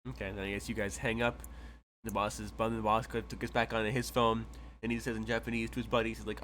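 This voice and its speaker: A man's voice: fairly low pitch, level tone, fast, a bit bright, slight background noise. A man narrating as game master of a tabletop game, stammering and rambling as he retells what the characters say.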